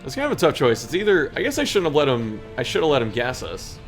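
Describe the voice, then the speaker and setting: A man's voice: mid-range voice, wildly swooping pitch, fast talker, soft background music. A man hosting a gaming video, reading in-game story text aloud and commenting on his turns, poking fun at his own mistakes. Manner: self-deprecating, laughs at own mistakes.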